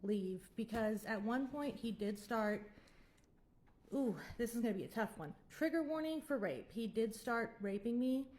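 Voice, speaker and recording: Blunt young woman, fairly high voice. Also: animated, measured pace, darkish tone. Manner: blunt, frank, rambling with restarts. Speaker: vlogger. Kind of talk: candid personal storytelling with advice.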